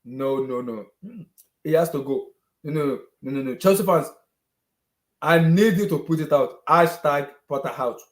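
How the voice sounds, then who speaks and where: A man's voice: a little high, moderate pace, echoey room. A man ranting as a furious football fan, exasperated and repeating himself over and over. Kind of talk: heated fan rant on a video hangout.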